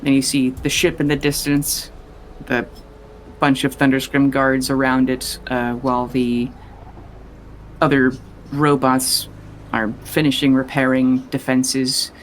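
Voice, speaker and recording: A man's voice: mid-range voice, little pitch movement, unhurried, a little hiss or hum, poor audio. A man running a tabletop game as game master, narrating in a rambling, casual way with many fillers.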